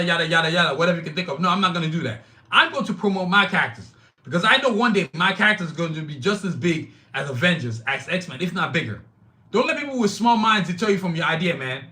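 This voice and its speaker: Brash, bright-voiced man ranting on a live stream. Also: fairly high pitch, expressive, fast. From Nigeria. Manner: emphatic, blunt and profane, talks straight to chat. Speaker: podcast host. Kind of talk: live-streamed solo podcast rant.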